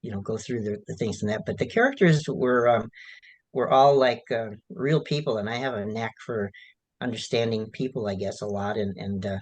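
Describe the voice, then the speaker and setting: A man, an author being interviewed, answering in a halting, rambling way with many restarts and fillers. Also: on the low side, darkish tone, rough recording. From United States.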